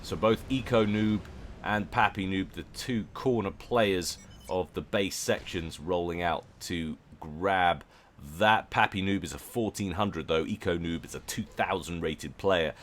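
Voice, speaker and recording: A game caster offers casual, jokey commentary on a strategy game match, chatty and often correcting himself. His voice is low-pitched and a little slow.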